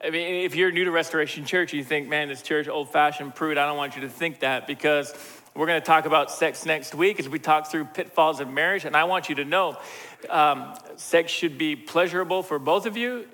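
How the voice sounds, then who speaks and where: A man's voice: fairly high pitch, fairly quick, pushed and bright. A middle-aged man, a pastor, preaching a sermon in a casual, joking way and acting out the voices he quotes. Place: large church hall. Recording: long hall reverb.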